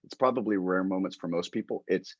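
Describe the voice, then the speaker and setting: A man co-hosting a podcast, telling stories in a jokey, drawn-out way in casual chat. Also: sits low, no room sound, dull audio. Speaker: podcast co-host, gym staff.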